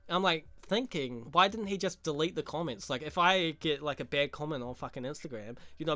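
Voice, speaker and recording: A man's voice: fairly high pitch, fairly bright tone, no echo. A young man recapping a show in casual, crude, laughing commentary full of slang. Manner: crude, laughing, rambling slang-heavy talk. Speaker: show reviewer.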